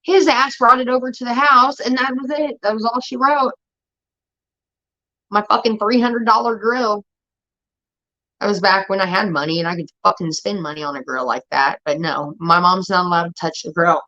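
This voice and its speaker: A young woman telling rambling, profane stories in casual chat, getting animated as she retells them. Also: mid-range voice, moderate pace. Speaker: show host. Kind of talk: casual storytelling rant. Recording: dull lo-fi stream audio.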